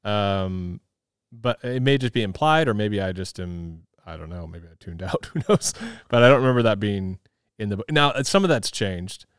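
Smooth low-voiced man explaining calmly. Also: moderate pace, no room sound, clean studio sound. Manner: thoughtful, explanatory, hedging. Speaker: podcast co-host. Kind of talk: casual movie chat.

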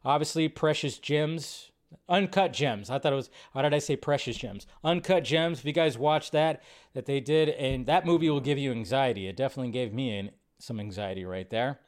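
A man's voice: mid-range voice, moderate pace. A man hosting a casual live movie news show, chatty and rambling, thinking aloud with fillers as he scrolls at his computer. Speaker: host. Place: home setup at a computer.

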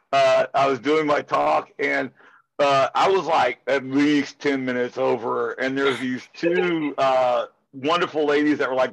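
Gravelly, slightly bright, and medium-pitched, this man speaks over a rough recording. A regular at security conferences, he talks casually in an interview before sliding into impassioned, meandering rants peppered with "it's like."

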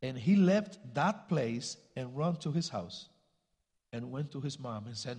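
A man with a Spanish accent, a guest missionary speaker telling a story in a church sermon, halting and searching for words as he goes. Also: mid-range voice, lively intonation, a little mellow, husky, in a large hall.

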